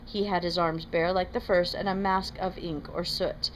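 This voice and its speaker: Woman reader, slightly low, steady read-aloud, faint hiss. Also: moderate pace, rough recording. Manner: steady, plain reading with small self-corrections. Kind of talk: reading a novel aloud.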